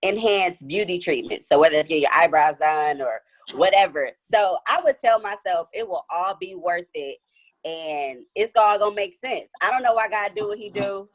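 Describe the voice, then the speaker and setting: A woman's voice: fairly low pitch, moderate pace. A woman guest speaking candidly and reflectively in a casual chat.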